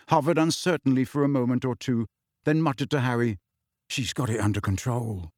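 A man's voice: mid-range voice, dry recording, clean studio sound. A man narrating a novel expressively as an audiobook reader. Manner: lively, expressive storytelling. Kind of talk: scripted narration.

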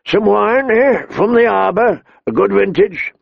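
A man voicing a gruff, hard-drinking middle-aged king who barks and roars his commands. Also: sits high, lively intonation, a little slow, no room sound, highs cut off, voice pushed up, heavily acted. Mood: blustering. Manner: blustering, barking commands.

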